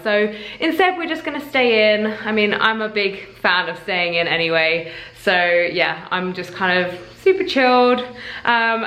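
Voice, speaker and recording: A woman's voice: mid-range voice, sharp tone, rough recording. Chatty young woman vlogging casually. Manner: chatty, rambling, upbeat. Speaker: lifestyle vlogger. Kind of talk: casual vlog chat to camera.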